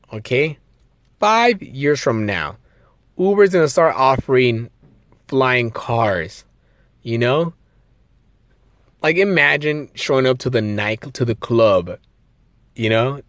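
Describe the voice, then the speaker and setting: A man's voice: medium pitch, dry recording, clean studio sound. A young man hosting a solo podcast, rambling casually with lots of swearing and restarts, his voice a bit strained from long talking. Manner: excitable, profane, rambling with many restarts.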